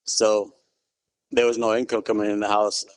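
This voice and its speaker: A middle-aged man, a guest in an interview, telling his story in a relaxed, good-humored way and saying "you know" often. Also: on the low side, normal speed, no room sound. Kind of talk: casual interview.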